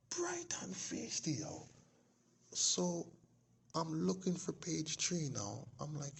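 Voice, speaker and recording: Guy rambling thru a story, gravelly fry, keeps slipping into whispers. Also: on the high side, very animated, measured pace, slight background noise. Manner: rambling, drops into whispered asides. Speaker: vlogger. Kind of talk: casual storytelling monologue.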